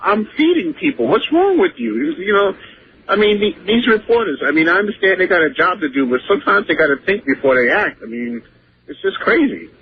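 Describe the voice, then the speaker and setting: A man's voice: high-pitched, animated, a little fast. A man calling in to a radio show, urgent and rambling, with many restarts. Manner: urgent, rambling with repeated starts. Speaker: caller. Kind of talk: call-in radio. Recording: tinny phone line with faint hiss.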